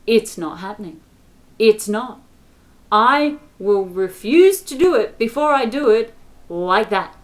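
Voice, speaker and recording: A woman's voice: on the high side, animated, takes it slowly. A woman in an angry, exasperated rant to camera, swearing often and stressing her words. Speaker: spiritual vlogger.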